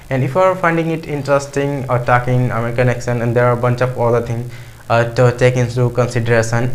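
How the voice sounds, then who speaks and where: A man's voice: mid-range voice, slight background noise, poor audio. Earnest man giving advice. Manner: earnest, loose and repetitive, piling up clauses. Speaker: English teacher on a video channel. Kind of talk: casual advice monologue.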